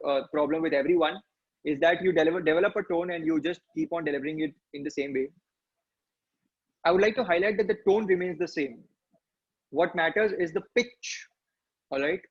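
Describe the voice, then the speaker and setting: A man's voice: fairly high pitch, slightly rough, highs cut off. A man, coaching public speaking and answering questions in an earnest, encouraging way, often asking rhetorical questions. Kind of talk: online training session answering questions.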